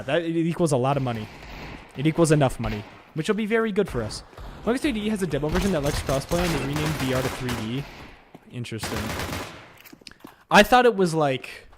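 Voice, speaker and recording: A man streaming a shooter game, rambling to his viewers between sudden excited outbursts. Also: medium pitch. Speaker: gaming streamer. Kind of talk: live gameplay commentary chatting to viewers.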